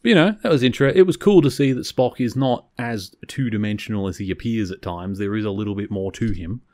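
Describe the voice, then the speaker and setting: Rambling low-voiced male podcast host. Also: a little fast, a little mellow, no echo. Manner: rambling, self-correcting, conversational. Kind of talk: casual episode recap.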